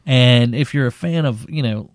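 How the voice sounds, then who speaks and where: Man, podcast co-host, casual chat, rambling, animated, dry recording. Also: medium pitch, normal speed, dry recording. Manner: rambling, animated, laughing often. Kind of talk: casual film discussion.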